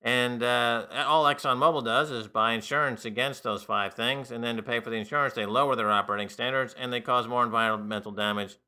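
A man's voice: medium pitch, steady tone, a little fast, hardly any pauses, sharp tone, smooth. A man co-hosting a talk radio show, giving wry, sardonic commentary on the news in casual studio chat. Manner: wry, sardonic, mocks with put-on voices.

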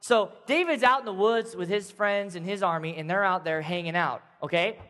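A man's voice: high-pitched, moderate pace, pushed and bright, big-room sound. A man telling a Bible story as a casual, jokey sermon, acting out the characters for a young crowd. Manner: casual, jokey, acts out voices.

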